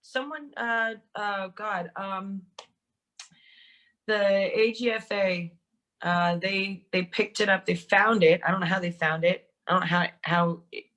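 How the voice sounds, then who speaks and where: At medium pitch and a little slow, an actress and director tells set stories as a podcast guest. The casual interview has her animated, laughing, swearing and mimicking people's words.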